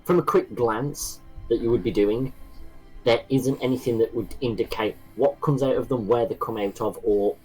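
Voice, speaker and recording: A man runs a tabletop game online, laying out traps and rulings at a measured pace. His voice is a little husky, and faint music plays underneath. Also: mid-range voice, a little mellow, poor audio. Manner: measured, describes scenes and rulings step by step. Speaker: game master. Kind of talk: narrating a tabletop game over a call. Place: home, online session.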